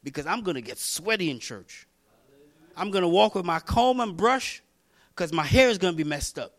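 Preacher guy with a high bright voice, repeats himself, works the crowd up. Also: animated, normal speed. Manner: repetitive, building to shouts; reads scripture aloud, talks to congregation by name. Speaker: pastor. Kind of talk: sermon.

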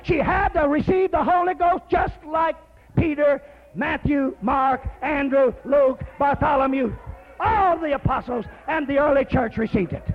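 A man preaching a fervent, folksy sermon, shouting at times. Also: very high voice, a little slow, vocal fry. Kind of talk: fiery sermon. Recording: slightly muffled recording.

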